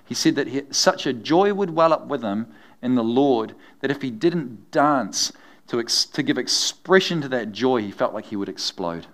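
A man's voice: mid-range voice, moderate pace. A middle-aged man preaching a sermon, telling stories with humor and laughing often. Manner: animated, humorous storytelling with frequent laughs. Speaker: pastor.

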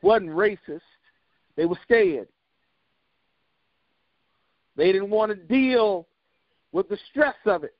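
A man with a high voice preaches a sermon at an unhurried pace, his words landing in a measured, repeating rhythm. The sound is dry and a little dull, with no room around it. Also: expressive, no echo. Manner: measured, repetitive preaching cadence.

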